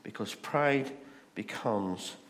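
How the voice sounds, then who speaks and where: A man with a Scottish accent preaching a sermon, animated and asking the congregation rhetorical questions. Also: on the low side, slow. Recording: long reverb of a large hall.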